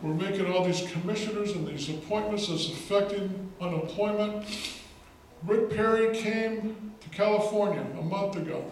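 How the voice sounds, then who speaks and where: A state legislator with a high-pitched voice tells a story at a political rally, speaking emphatically at a moderate pace and repeating words for effect. The sound comes from a distant mic in an echoey hall, with faint noise.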